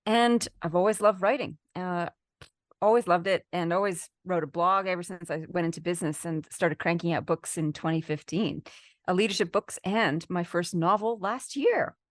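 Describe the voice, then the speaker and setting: Canadian woman, podcast guest, chatty and laughing, lowish voice, dry close sound. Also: normal speed, dry recording. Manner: laughs often, cheerful and chatty. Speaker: guest, leadership author. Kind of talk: casual interview chat.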